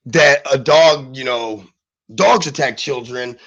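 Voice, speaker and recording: Husky-voiced man hosting a live show. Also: medium pitch, takes it slowly, fairly bright tone, dry recording, low-quality recording. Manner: rambling, many restarts and fillers. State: sick, under the weather. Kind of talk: live news commentary.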